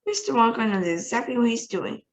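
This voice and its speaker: A woman reading a storybook aloud, voicing a calm, loyal old grandfather who hushes others firmly. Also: fairly high pitch, fairly quick, voice pushed up, close to an everyday voice. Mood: scolding.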